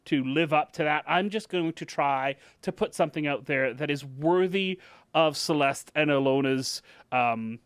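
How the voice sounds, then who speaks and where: A man's voice: fairly high pitch, normal speed, clear, resonant tone, dry recording. A man hosting a gaming podcast in casual, self-deprecating chat, laughing often. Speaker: podcast host.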